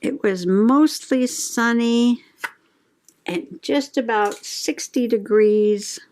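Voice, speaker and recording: Slow, chatty, giggly middle-aged woman. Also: on the high side, darkish tone. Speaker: journaling channel host. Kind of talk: casual crafting chat.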